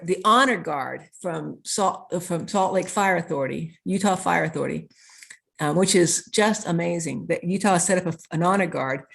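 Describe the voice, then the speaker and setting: Lower-voiced woman author as interview guest, earnest storyteller who chains clauses together. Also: gravelly. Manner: earnest, piles up clauses with repeated "and".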